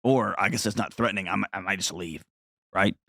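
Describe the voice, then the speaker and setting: A man's voice: low-pitched, brisk, creaky, bright, forceful tone, no echo, clean studio sound. Blunt, emphatic male show host. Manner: blunt, emphatic, repeats himself for stress. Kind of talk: advice show monologue.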